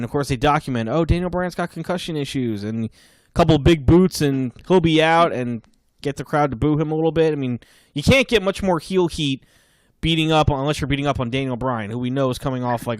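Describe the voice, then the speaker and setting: A man with a slightly higher voice rambles enthusiastically on a casual podcast panel. He talks in an animated, loose way. The recording is dry and close. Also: clean tone, dry recording.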